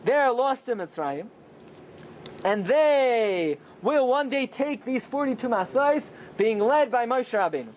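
A man teaching a Torah class as a rabbi, often asking rhetorical questions and answering them himself, with pitch that swings high and low for emphasis. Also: lively intonation, unhurried, a little hiss or hum. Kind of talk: Torah class with Talmud study.

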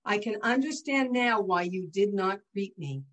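A woman's voice: mid-range voice, lively intonation, measured pace, a bit bright, rough recording. A woman voicing a proud, angry Roman nobleman who speaks in a haughty, commanding way while reading a story aloud. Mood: conceding.

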